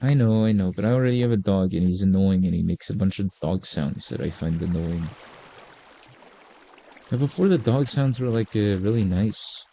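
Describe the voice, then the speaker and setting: A man's voice: lowish voice, moderate pace, dark tone, a little hiss or hum. A man in his forties giving casual, rambling gameplay commentary with laid-back, self-mocking asides. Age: 40s. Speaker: gaming video creator.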